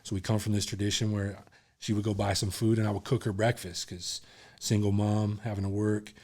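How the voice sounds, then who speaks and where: A man's voice: on the low side, level tone, brisk, a little mellow. A man, a podcast guest, telling a candid personal story in a rambling, casual way full of fillers.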